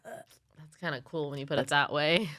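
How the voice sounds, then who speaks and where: A woman's voice: low voice, normal speed, crowd noise. A woman comedian co-hosting a podcast, telling a story in casual chat, acting out the people she quotes and laughing as she goes. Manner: animated storyteller, acts out quoted people and laughs mid-sentence. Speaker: podcast co-host, stand-up comedian.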